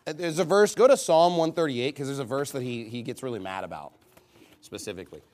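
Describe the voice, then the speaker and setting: A man's voice: mid-range voice, expressive, brisk, a little mellow. A man preaching a heated, combative sermon, scornful of his opponents.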